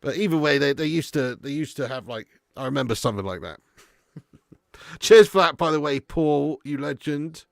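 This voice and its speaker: A man hosting a live football watch-along, chatting casually, reading out viewer messages, and swearing loudly when his team concedes. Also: a little high, normal speed, vocal fry, dry recording, studio quality. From England. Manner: excitable, swearing, chatty and laddish.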